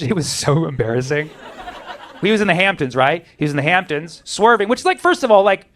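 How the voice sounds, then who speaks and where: Stand-up comic, male, slightly high voice, profane riffing delivery, acts out the people in his bits. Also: a bit bright. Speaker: stand-up comedian. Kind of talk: stand-up set.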